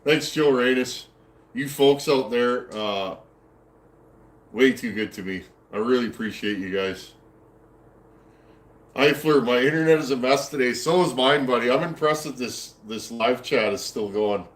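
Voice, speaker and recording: A man's voice: medium pitch, unhurried, roomy sound. A man from Canada with a Canadian accent, chatting casually on a live stream from his workshop and answering viewer comments in a folksy, rambling way. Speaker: chainsaw builder hosting a live stream. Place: home workshop.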